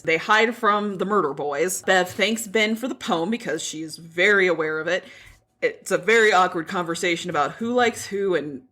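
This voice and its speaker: A woman's voice: lowish voice, fairly bright tone. A woman podcast host recapping a book in casual chat, frank and profane.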